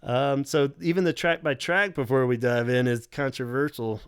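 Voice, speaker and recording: A man's voice: medium pitch, fairly even intonation, normal speed, clean tone, no echo, studio quality. A man hosting a podcast in casual chat, a rambling storyteller who swears freely and acts out quotes. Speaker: podcast host.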